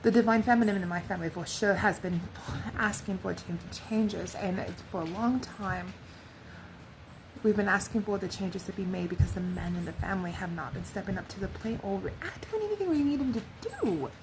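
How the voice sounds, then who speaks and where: Softly rambling woman, drifting to whispers. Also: medium pitch, animated, a little fast, noisy background. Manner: drifts into soft whispers, meandering and reflective. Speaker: vlogger sharing spiritual channeling. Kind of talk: rambling spiritual monologue.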